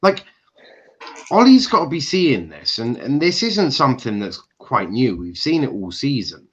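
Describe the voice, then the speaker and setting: A man's voice: medium pitch, very animated, normal speed, slightly rough, muffled recording. A man hosting a casual football match reaction chat, talkative and swearing now and then. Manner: chatty, swearing, mimics frustrated shouting. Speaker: football channel host.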